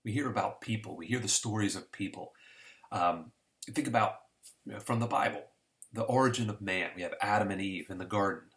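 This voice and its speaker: Speaking fairly quickly in a fairly low but bright-toned voice, a man teaches introductory economics in a casual recorded lesson. He keeps it conversational, telling stories and using homespun examples.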